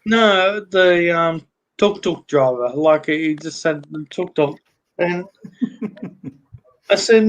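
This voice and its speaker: A man's voice: a little high, slow, long pauses, dull audio. A middle-aged man with an Australian accent, hosting a casual talk stream and telling a rambling story, swearing constantly. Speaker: livestream host.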